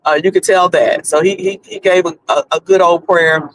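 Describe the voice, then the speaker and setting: A man's voice: sits high, fairly even intonation, normal speed, slight background noise, poor audio. A man with a North Carolina Southern accent, chatting casually on a livestream while driving, rambling with many restarts. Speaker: livestream host. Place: in a car.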